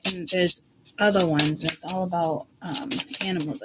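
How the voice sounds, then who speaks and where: A woman's voice: medium pitch, fairly even intonation, normal speed, very noisy. A middle-aged woman doing a casual, rambling tarot reading, chatty and blunt, swearing freely as she talks. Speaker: psychic tarot reader.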